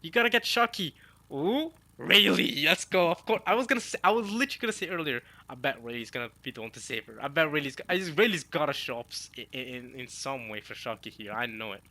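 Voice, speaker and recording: Excitable young guy reacting to manga. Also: mid-range voice, quick pace, few pauses, dry recording. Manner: excitable, slangy, many restarts. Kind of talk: casual reaction commentary.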